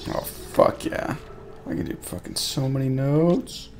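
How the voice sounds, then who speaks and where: Crude jumpy male streamer, gravelly. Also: mid-range voice, fairly even intonation, unhurried, background noise. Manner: crude, jumpy, swearing, laughing. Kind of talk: live gameplay commentary. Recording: game music behind. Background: horror game music.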